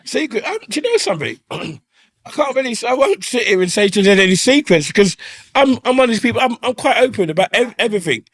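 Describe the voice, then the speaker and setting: A man's voice: very high voice, big pitch swings, quick pace. A man, telling stories in a casual interview, swearing freely and often asking "you know what I mean". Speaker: interview guest. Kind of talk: casual storytelling. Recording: slightly faulty audio.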